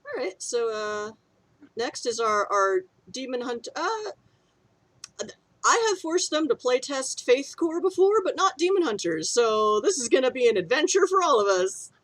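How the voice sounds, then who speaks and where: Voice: sits high, very animated, a little slow, fairly bright tone, no room sound. A game master hosting a streamed tabletop game, chatty and a bit scattered. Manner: chatty, scattered, laughing asides.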